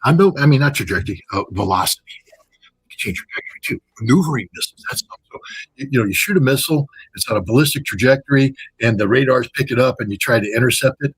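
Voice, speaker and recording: A man's voice: medium pitch, expressive, fast, breathy edge. A man speaking as a guest analyst in an interview, blunt and sarcastic and often joking. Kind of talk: animated interview commentary.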